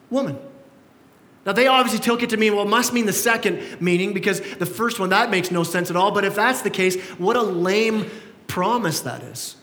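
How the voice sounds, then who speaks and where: A male pastor preaching a sermon in a church, animated and acting out the voices he quotes with rising emphasis. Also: high-pitched, big-room sound. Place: church sanctuary.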